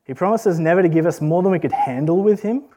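A man delivers a sermon in an earnest, conversational way, asking his listeners questions. His voice sits a little high and has a husky edge. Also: quick pace, mellow. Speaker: preacher.

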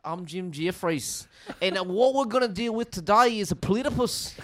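A man doing a broad comic New Zealand accent, exaggerated and playful. The pitch leaps around with lively swings, loud and theatrical. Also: moderate pace. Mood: jokey. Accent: New Zealand (put on). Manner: jokey, exaggerated impression.

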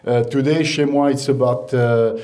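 A chef and restaurant owner giving an informal talk to an audience, halting with many fillers and restarts. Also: male voice, medium pitch, steady tone, mellow. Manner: storytelling, laughs at own anecdotes.

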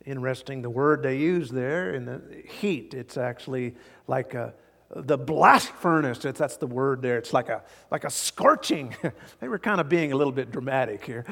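A man's voice: mid-range voice, lively intonation, a little slow, a bit bright. Man, pastor, verse-by-verse sermon, chuckling, acts out quotes, echoey hall. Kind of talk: expository sermon.

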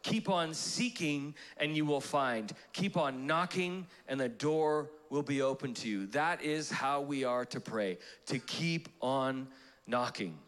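A young adult man preaching a live church sermon, animated and playful, acting out prayers in comic voices. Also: mid-range voice, slow pace. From Canada. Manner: animated, acts out prayers in funny voices, laughs often. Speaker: pastor. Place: church auditorium.

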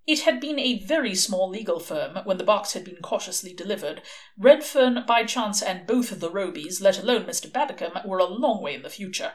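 Expressive woman reading a novel aloud. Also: mid-range voice, a little fast. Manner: expressive storytelling. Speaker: audiobook reader.

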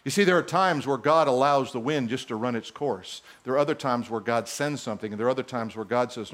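A middle-aged male pastor preaching a sermon in a church, animated and teasing his congregation. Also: medium pitch, quick pace, few pauses.

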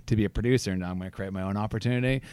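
A man's voice: on the low side, racing, clear, resonant tone, no room sound. A man co-hosting a casual podcast, rambling with lots of fillers. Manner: rambling, warm praise, many fillers. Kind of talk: casual chat.

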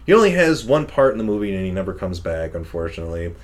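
A man's voice: low-pitched, very animated, fast. Laughing, rambling man chatting casually. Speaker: podcast co-host reviewing a movie. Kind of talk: casual chat.

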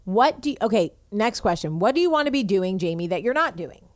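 Woman host, brash and pushy, mid-pitched, dry close-miked sound. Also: very animated, a little fast, no room sound. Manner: brash, bossy, self-promoting. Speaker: podcast host. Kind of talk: casual chat.

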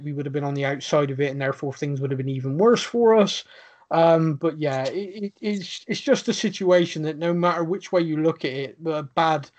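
A man hosting a casual podcast, reading out listener questions and answering in a chatty way with stammering restarts and frequent laughs. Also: fairly high pitch. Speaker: podcast host.

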